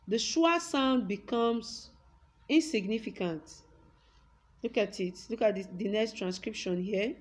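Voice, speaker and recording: A young woman with a Nigerian English accent teaching a class. She repeats example words aloud and stretches words slowly to stress a point. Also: medium pitch, darkish tone. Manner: slow, drawn-out words when stressing a point. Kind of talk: classroom lesson with a whiteboard.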